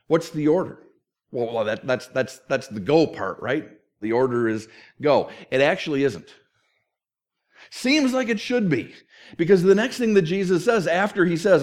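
A man's voice: fairly high pitch, moderate pace. A middle-aged man preaching a sermon as a pastor, telling stories animatedly and acting out the quotes. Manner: animated storytelling with acted-out quotes.

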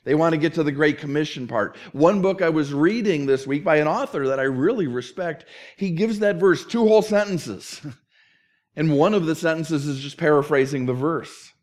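A middle-aged man preaching a sermon as a pastor, telling stories animatedly and acting out the quotes. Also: fairly high pitch. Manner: animated storytelling with acted-out quotes.

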